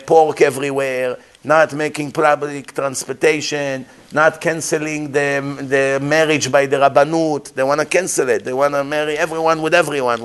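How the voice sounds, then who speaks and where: A man, a rabbi, giving a Torah lecture in emphatic, animated style, dropping Hebrew phrases into non-native English. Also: a little high.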